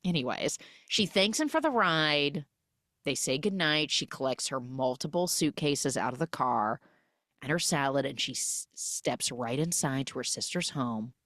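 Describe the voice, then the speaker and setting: A woman hosting a podcast, recapping a film in a sarcastic, animated way. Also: very deep voice, measured pace, no echo, clean studio sound. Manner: sarcastic, animated, mimics characters in exaggerated voices. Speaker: podcast host.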